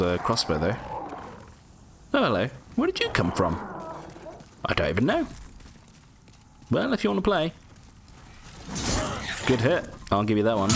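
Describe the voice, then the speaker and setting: Lively low-voiced chatty male gamer. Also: noisy background. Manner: chatty, rambling, jokey asides. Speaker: gameplay commentator. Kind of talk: casual gameplay commentary.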